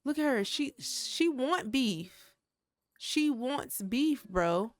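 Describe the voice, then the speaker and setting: A woman's voice: high voice, animated, drawn-out words, no echo. A young adult woman giving casual, chatty commentary while playing a life-sim game, talking straight to her viewers. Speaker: gaming creator.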